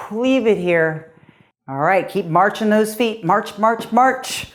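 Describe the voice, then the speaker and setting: Here a middle-aged woman coaches cardio with an expressive, mid-range voice at a slow pace. As she keeps moving she gets slightly winded, yet she remains upbeat, cheering the listener on and counting down the reps in this guided workout.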